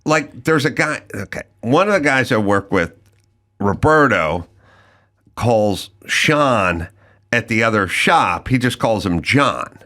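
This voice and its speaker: A man hosting a casual podcast chat, animated and given to quick mimicking bits. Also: mid-range voice. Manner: animated, mimics accented speech in quick impressions. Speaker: podcast host.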